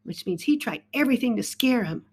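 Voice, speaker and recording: A woman reading a picture book aloud to a child, stopping often to point things out and ask him questions in an animated, exclaiming way. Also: on the high side, a little hiss or hum. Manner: animated, talks to a child between pages; slow and warm, exclaiming often. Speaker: reader to a child.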